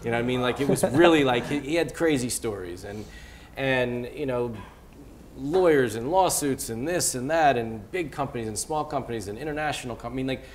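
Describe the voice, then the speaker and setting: A man, a venture capitalist guest on stage, speaking in an animated, rambling way full of fillers and restarts. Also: medium pitch, fairly quick. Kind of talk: onstage interview. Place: event hall before a live audience.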